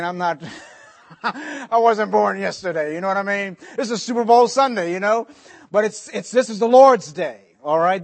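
A male pastor delivers a sermon with a slightly high-pitched voice. He preaches conversationally, drops in joking asides, and slows down deliberately to stress key points.

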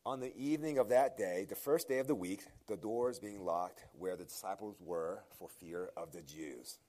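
A man's voice: deep voice, moderate pace, dark tone. A man preaching a sermon, opening with prayer and then teaching from scripture in an earnest, emphatic way, often restarting his phrases. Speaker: pastor.

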